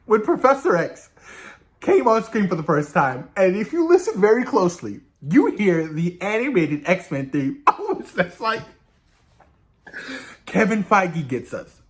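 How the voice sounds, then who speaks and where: A man's voice: high-pitched, sing-song, unhurried. Hyped young man gushing over a movie. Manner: hyped, gushing, swearing often. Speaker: movie review vlogger. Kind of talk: excited spoiler review.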